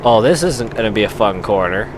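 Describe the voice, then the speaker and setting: A man's voice: fairly low pitch, expressive, a little fast. A Canadian man with a Canadian accent giving rambling, chatty commentary while playing a truck driving game, with lots of fillers and restarts. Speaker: gaming channel host. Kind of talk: casual gameplay commentary. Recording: game engine noise behind voice. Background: truck engine and traffic sounds from the game.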